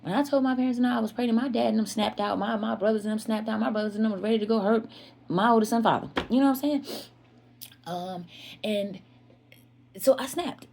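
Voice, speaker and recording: A woman's voice: fairly high pitch, fairly even intonation, a little fast, vocal fry, a little mellow, a little hiss or hum. A woman telling a candid personal story to her viewers in an earnest, confessional way. She repeats herself for emphasis and often speaks to her listeners as "y'all.".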